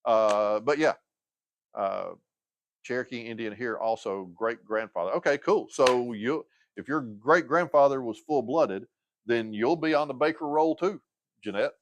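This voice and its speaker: An unhurried man in his fifties with a medium-pitched voice hosts a casual livestream chat, with no room sound on the recording. His talk meanders as he loses his train of thought, full of uhs, fillers and restarts.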